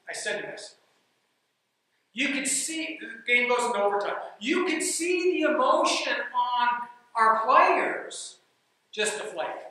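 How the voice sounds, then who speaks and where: A man who coaches basketball, telling a team story as an animated speech. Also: very high-pitched, takes it slowly. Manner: animated, builds suspense in anecdotes. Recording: echoey room, mic from far off.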